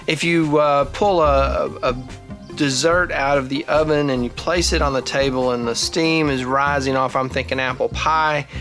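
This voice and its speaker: A man's voice: fairly high pitch, sharp tone. A man in his forties hosting his own vlog, talking casually and thinking aloud with frequent restarts. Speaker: vlog host. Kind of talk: casual talking-head monologue.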